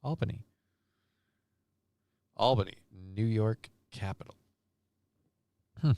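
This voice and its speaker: A man's voice: on the low side, takes it slowly, vocal fry, mellow, no room sound. A man co-hosting a casual stream, joking crudely and swearing often, with a voice that tends to crack. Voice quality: voice prone to cracking. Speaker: stream co-host. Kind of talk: casual chat.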